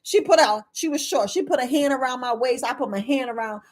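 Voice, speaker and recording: A middle-aged woman herbalist, talking casually to her viewers, animated and laughing often. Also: high voice, fairly quick. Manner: animated, laughing, acts out quoted people in a raised voice. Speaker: herbalist host.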